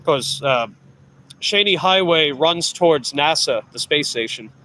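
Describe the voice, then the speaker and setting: This middle-aged man from Long Island, New York, a delivery rider vlogger, rambles and self-corrects as he casually responds to live viewers mid-delivery. His voice is on the high side, expressive, pushed and bright at a measured pace, with slight background noise and poor audio.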